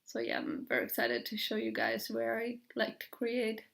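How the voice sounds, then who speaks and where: A young woman from Germany with a German accent, chatting casually on her podcast, pausing often with fillers and small laughs. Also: on the high side, big pitch swings, creaky, a bit bright. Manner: hesitant, full of fillers, light laughs. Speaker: podcast host. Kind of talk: casual video podcast chat.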